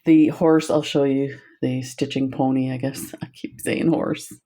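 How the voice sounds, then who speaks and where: A woman's voice: extremely low pitch, steady tone, a little slow, mellow. An older woman whose first language is French, chatting casually and laughing often while teaching a craft. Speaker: craft instructor. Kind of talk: casual crafting tutorial chat.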